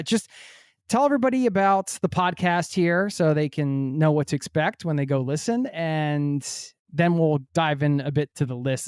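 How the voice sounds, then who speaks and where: A man hosting a travel podcast, talking in an energetic, jokey way with plenty of casual fillers and restarts. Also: fairly high pitch, smooth, no echo, clean studio sound. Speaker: podcast host. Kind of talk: upbeat podcast intro and chat.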